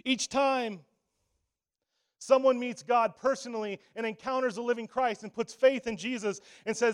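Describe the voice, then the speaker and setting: High-voiced pastor preaching with big swings. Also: male voice, unhurried, smooth. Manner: preaching with wide swings from hushed to loud. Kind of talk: sermon.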